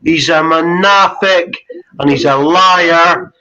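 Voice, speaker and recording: A man's voice: a little high, takes it slowly, bright, forceful tone, muffled recording. A man in a heated online debate, contemptuous and emphatic, spelling words out.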